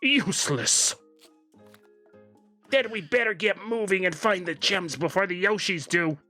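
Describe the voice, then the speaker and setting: A man voicing a spoiled, bratty baby villain king in a high, squeaky put-on voice while playing a video game. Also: animated, a little slow, bright, forceful tone, soft background music, heavily acted. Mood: scheming.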